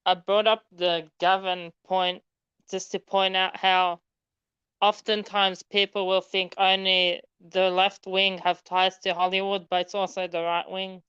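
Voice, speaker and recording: Smooth-voiced woman on a dull, lo-fi mic. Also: mid-range voice, little pitch movement, a bit bright, dry recording. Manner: halting, stammers and restarts. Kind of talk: casual chat.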